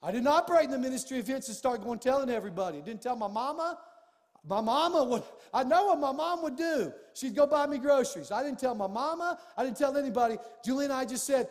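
A man preaching a sermon as a pastor, telling a personal story with animated swings from hushed tones to shouting. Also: very high-pitched, quick pace, big-room sound.

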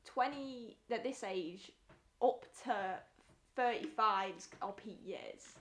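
A woman in her twenties from northern England chats on her podcast in a slightly high voice. She is candid and teasing and giggles readily. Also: takes it slowly, a little hiss or hum. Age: 20s. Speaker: podcast co-host. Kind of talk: casual chat.

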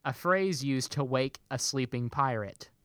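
Male podcast co-host, playful quizmaster, mid-pitched, dry close sound. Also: unhurried, no echo. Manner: playful, quizzing with a hammy pirate delivery. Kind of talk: casual movie podcast chat.

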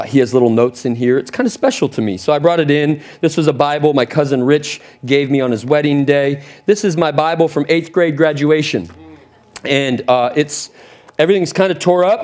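A man preaching a sermon as a pastor, telling a story with animated energy and frequent word repeats. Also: fairly high pitch. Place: church platform.

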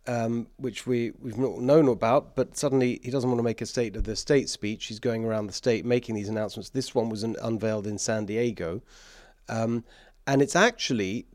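A man's voice: medium pitch, normal speed, darkish tone, no echo, clean studio sound. A man with an English accent hosting a political talk show, emphatic and sarcastic, with bursts of mockery and laughter.

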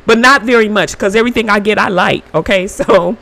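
A woman's voice: mid-range voice, a little fast, fairly bright tone. A woman hosting a podcast, talking through an earnest, emotional spiritual reflection with informal, faith-filled encouragement. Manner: earnest, emotional, with bursts of laughter. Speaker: podcast host.

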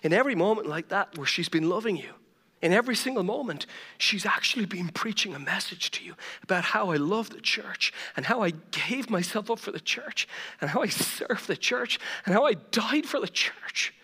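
A man's voice: high voice, lively intonation, moderate pace, bright, forceful tone, husky. A middle-aged man with an Irish accent preaching a sermon as lead pastor, telling humorous stories and laughing at himself. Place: large church auditorium. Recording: long reverb of a large church hall.

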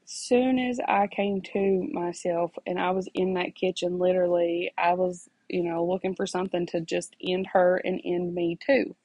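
A woman's voice: on the low side, steady tone, moderate pace, hardly any pauses, a little mellow, breathy edge, no room sound, rough recording. A mother earnestly telling her own story and preaching faith to listeners, repeating phrases for emphasis. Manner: preachy, addresses listeners directly. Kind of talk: personal testimony, faith encouragement.

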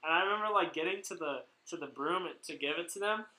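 A man with a slightly high, bright and forceful voice tells a story in a loose, rambling way. He drops "like" into almost every phrase and swears without a second thought. The sound bounces around an echoey room. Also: fast talker. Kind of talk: casual storytelling chat.

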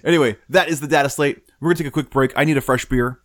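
A man's voice: on the high side, very fast, dry recording, clean studio sound. A man hosting a podcast, joking crudely and casually with his co-hosts. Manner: joking, crude, laughing along. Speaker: podcast host. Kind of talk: casual banter.

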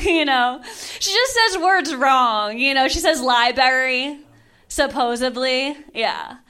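A young woman doing stand-up on a club stage, her voice high and ringing. She delivers lines deadpan and keeps breaking into laughs at her own jokes. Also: takes it slowly. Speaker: stand-up comedian. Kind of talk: stand-up comedy set.

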